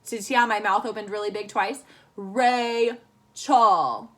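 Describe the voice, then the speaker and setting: A woman teaching a children's lesson over video from home, cheerful, slow and clear for young kids. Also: mid-range voice, flat delivery, a bit bright. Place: home room. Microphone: phone camera at arm's length.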